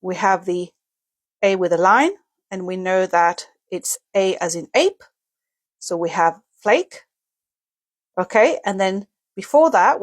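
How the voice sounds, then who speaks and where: Woman patiently teaching dictionary pronunciation. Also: medium pitch. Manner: explains step by step with demonstrated sounds, asides and self-corrections. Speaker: English teacher. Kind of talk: casual video lesson.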